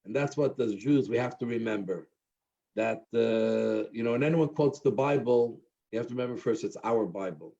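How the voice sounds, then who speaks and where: An earnest rabbi closes an evening talk with a halting, filler-filled telling of a story. His voice is dark and mellow. The recording sounds dull and muffled. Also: medium pitch, creaky. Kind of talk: closing remarks and a told joke at a talk.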